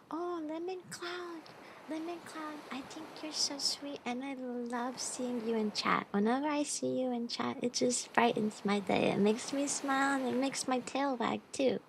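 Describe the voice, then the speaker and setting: A bubbly woman streamer with a higher voice chats casually with her live audience, giggling and greeting viewers. Behind her there is a faint hum of room noise. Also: steady tone, takes it slowly, gravelly, poor audio.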